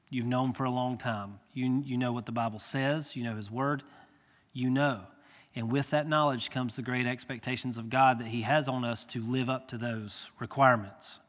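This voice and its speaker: A male pastor preaching a sermon with earnest, direct address that swells into loud pleading. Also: medium pitch. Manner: earnest, rises to loud pleading when quoting. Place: church sanctuary. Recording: long church hall reverb.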